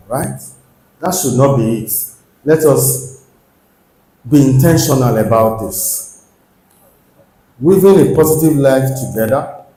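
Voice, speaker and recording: Nigerian preacher exhorting in an echoey church. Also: male voice, medium pitch, darkish tone. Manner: earnest, exhorting with rhetorical questions. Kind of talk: sermon.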